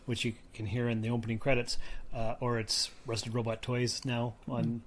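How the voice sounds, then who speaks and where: A man's voice: medium pitch, monotone, moderate pace. A tired man co-hosting a podcast, slurring his words a bit. He rambles from one thing to the next and pokes fun at himself in a loose, casual chat. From Canada. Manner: rambling, self-deprecating, a little slurred from tiredness. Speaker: podcast co-host.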